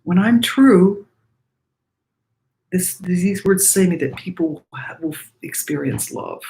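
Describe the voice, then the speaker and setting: A woman giving a breathing lesson, speaking gently and reflectively and singing lines of a song between her remarks. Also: on the low side, lively intonation, unhurried, reverberant, poor audio. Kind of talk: breathing lesson with sung demonstration.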